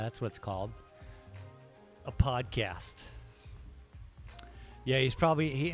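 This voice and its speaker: Laid-back guy streaming live art, rambly jokey chat, faint music under it. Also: mid-range voice. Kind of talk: casual chat while drawing live.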